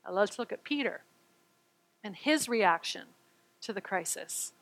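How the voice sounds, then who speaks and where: A woman preaching a sermon, reading scripture aloud and explaining it in an expressive way, acting out the quoted lines and stammering at times when excited. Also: medium pitch, a little slow, low-quality recording.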